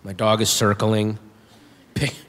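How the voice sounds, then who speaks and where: A man doing a stand-up comedy set, telling a story with animated delivery and shouting his punchlines. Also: fairly low pitch, takes it slowly. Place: comedy club stage with audience. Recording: reverberant room with faint audience.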